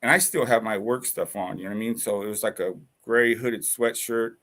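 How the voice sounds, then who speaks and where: A man's voice: on the low side, fairly even intonation, a little fast, a bit bright. A man casually telling a long personal story in a rambling, profane way, full of fillers and restarts.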